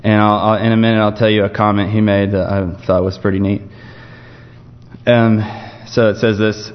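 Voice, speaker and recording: A man preaching an informal evening sermon, telling a Bible story in a relaxed, conversational way. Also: fairly low pitch, fairly quick. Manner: conversational, storytelling with frequent restarts. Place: church sanctuary. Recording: dull muffled sound with long church reverb.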